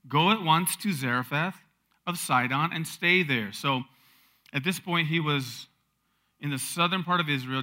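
A man preaching a conversational sermon, retelling a Bible story with rhetorical questions and sudden swells of emphasis. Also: a little high. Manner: drops soft for tender lines. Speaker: pastor.

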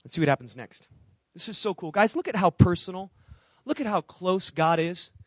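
High-voiced man preaching with emphasis. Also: lively intonation, normal speed, dry recording, studio quality. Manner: earnest, emphatic preaching with repeated phrases; asks the audience questions directly. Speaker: pastor. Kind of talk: sermon.

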